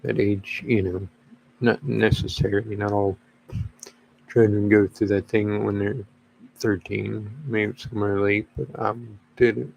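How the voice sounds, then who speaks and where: Slow, halting man, low voice. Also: level tone, creaky, darkish tone, slight background noise. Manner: slow, halting, many fillers and pauses. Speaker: father. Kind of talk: casual talk to camera. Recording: dull lo-fi recording.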